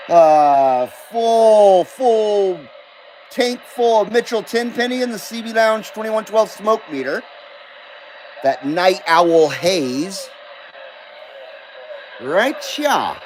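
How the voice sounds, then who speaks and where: A man's voice: sits high, background noise. A man hosting a live stream in casual chat, reading viewer comments aloud and coughing now and then. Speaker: host.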